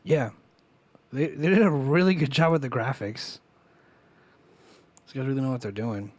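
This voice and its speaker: A man co-hosting a casual podcast chat, excited and swearing freely as he nerds out. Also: mid-range voice, normal speed, no echo. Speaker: podcast co-host.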